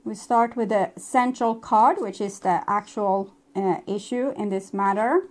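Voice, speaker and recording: A woman with as a giving a casual spoken tarot reading, gentle and reflective, with soft laughs and hesitations. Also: medium pitch, a little slow. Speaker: tarot reader.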